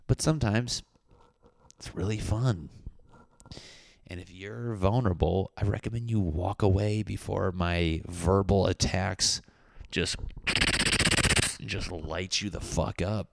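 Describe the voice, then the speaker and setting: A man's voice: sits low, a little slow, creaky, pauses often, noisy background. A man talking casually to camera as a comedian, in a profane, teasing, mock-insulting rant. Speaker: comedian vlogger.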